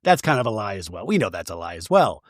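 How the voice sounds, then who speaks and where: A man hosting a podcast, recapping a reality show in a casual, animated and gossipy way, laughing and swearing as he goes. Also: on the low side, quick pace, no echo, clean studio sound. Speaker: podcast host.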